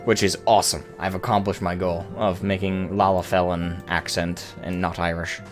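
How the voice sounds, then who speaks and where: A man's voice: low-pitched, little pitch movement, moderate pace, soft background music. A man streaming a game, chatting casually in a rambling, profane way, often correcting himself. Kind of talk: casual live-stream chat.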